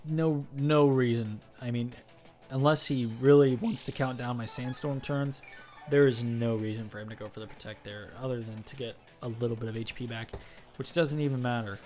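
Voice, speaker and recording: A man's voice: medium pitch, fairly even intonation, normal speed, darkish tone. A young man narrating an online game battle in a joking, self-mocking play-by-play voice-over. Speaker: gaming channel host. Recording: faint music behind.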